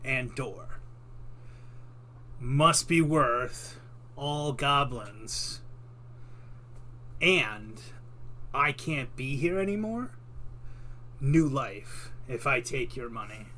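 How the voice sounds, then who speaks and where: A man voicing a gruff, scheming male orc guard in a tabletop game, speaking in broken, clipped phrases. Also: medium pitch, animated, drawn-out words, long pauses, sharp tone, a little hiss or hum, heavily acted. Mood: bargaining.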